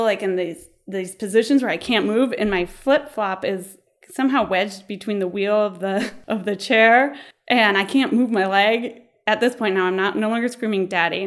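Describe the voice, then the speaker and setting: A woman in her thirties tells a personal story in a relaxed, chatty way. Her delivery is lively, with laughter breaking in and quick impressions of other people's lines. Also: medium pitch. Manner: animated, laughing, acts out voices of others. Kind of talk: personal birth story, casual telling.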